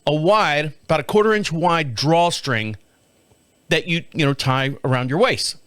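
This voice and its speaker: A man's voice: a little high, a bit bright, dry recording. Rambling, profane middle-aged man host. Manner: rambling, profane, self-mocking storytelling with frequent laughs. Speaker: podcast host. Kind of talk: casual solo chat.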